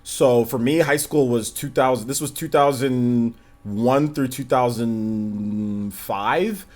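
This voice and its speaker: This livestream host, a man in his thirties, wanders casually from story to story and laughs a great deal. He talks slowly in a mid-range voice with a darkish tone.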